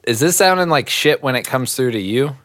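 A man's voice: medium pitch, lively intonation, a little fast, fairly bright tone. A man co-hosting a casual online chat, joking and swearing, often trailing off mid-sentence. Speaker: podcast co-host. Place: home, remote call.

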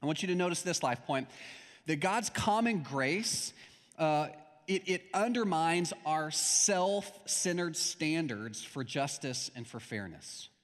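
A young man delivers a sermon in an easy, conversational way, dropping into stories as he goes. His voice sits a little high for a man. A long hall reverb trails behind every phrase. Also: expressive, takes it slowly. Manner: conversational preaching with anecdotes and acted-out quotes. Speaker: pastor.

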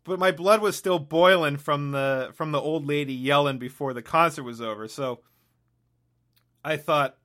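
A man with a bright, forceful voice rambles through a solo comic monologue. He is sardonic and keeps interrupting himself, and he speaks in a fairly high register. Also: normal speed. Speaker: podcast host.

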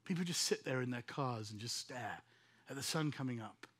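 Brief: male preacher, bright husky voice, impassioned sermon delivery. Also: medium pitch, animated, normal speed. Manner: impassioned, prophetic, addresses listeners by name.

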